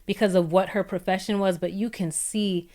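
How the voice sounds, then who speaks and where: A young woman casually recapping a reality show, chatty and animated, laughing often and jumping into higher-pitched voices for her reactions. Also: normal speed.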